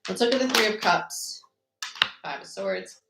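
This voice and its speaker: A woman giving a live tarot reading in a chatty, quick way, listing the cards aloud as she goes. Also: medium pitch, creaky. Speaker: tarot reader. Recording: echoey room with faint noise.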